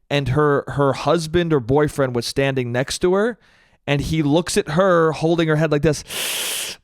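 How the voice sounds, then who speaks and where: A man's voice: fairly high pitch, a little slow, clear, resonant tone, no room sound, clean studio sound. A man telling a long, rambling comic story on his own podcast, laughing at himself and saying "dude" often. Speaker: podcast host. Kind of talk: solo comedic storytelling.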